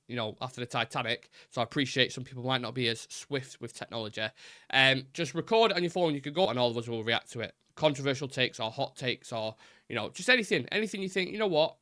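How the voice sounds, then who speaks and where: A man's voice: fairly high pitch, bright, forceful tone, no room sound, clean studio sound. A man hosting a live football fan stream, chatting casually and rambling, swearing now and then.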